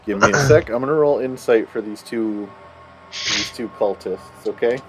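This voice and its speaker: A man narrating as game master of a tabletop game, relaxed and laughing, drawing his descriptions out. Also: lowish voice, normal speed, over loud music.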